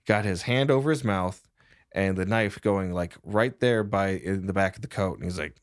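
A man's voice: low voice, moderate pace, dry recording, studio quality. A man narrating as game master of a tabletop game in a casual, filler-heavy way.

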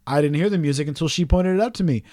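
A man's voice: fairly high pitch, very fast, dark tone, no room sound, clean studio sound. A man telling a long story on a casual podcast chat, swearing often and ranting in exasperation.

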